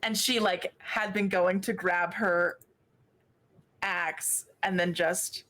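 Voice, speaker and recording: A woman narrating as dungeon master of a tabletop game, casual and quick with jokes. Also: on the low side, fairly even intonation, fairly bright tone, poor audio.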